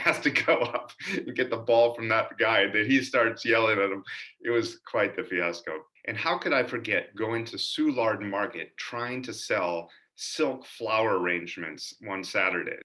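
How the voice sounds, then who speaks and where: A man narrating his childhood memories of his father, in an earnest, animated storytelling manner. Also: lowish voice. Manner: earnest, animated storytelling with lively quoted voices. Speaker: son telling family stories.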